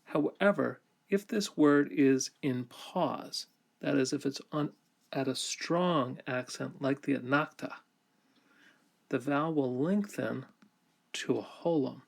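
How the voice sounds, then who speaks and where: A man delivers a recorded grammar lesson at an unhurried, deliberate pace. His voice carries a gravelly, creaky texture at a middle pitch. He explains step by step and now and then corrects himself mid-sentence. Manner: slow, measured explaining with occasional self-corrections. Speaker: teacher. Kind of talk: recorded lecture.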